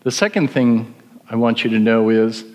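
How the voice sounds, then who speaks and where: Wry preacher in an echoing hall. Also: male voice, mid-range voice, normal speed, a little mellow, dull audio. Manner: wry, conversational storyteller. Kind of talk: sermon with an illustrative story. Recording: long hall reverb.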